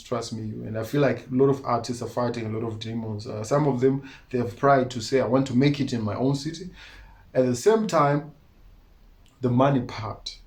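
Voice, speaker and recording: A man from Malawi with a Malawian accent, talking earnestly as an interview guest and often breaking into laughter. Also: mid-range voice. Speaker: musician guest. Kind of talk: casual interview talk.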